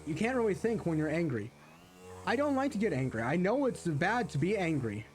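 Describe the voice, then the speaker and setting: A man's voice: sits high, sing-song, a little fast, slight background noise. A man streaming a game while chatting casually, rambling earnestly and reflectively, with many restarts and self-corrections. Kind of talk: casual chat while gaming.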